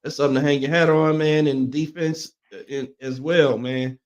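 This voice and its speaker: A man's voice: a little high, fairly even intonation, normal speed, lo-fi sound. A man co-hosting a sports talk show, chatting through game analysis in a laid-back, agreeable way. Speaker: sports radio co-host.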